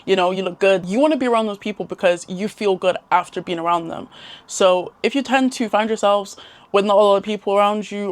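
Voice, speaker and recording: A woman's voice: on the low side, dry recording. A young woman giving casual, chatty advice to camera in a slangy way. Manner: chatty and slangy, laughs often. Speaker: self-improvement vlogger.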